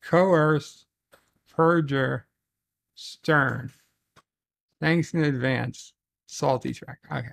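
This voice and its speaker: A man hosting a casual solo livestream, reading viewer messages aloud slowly and haltingly, with restarts and muttered asides. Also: medium pitch, creaky.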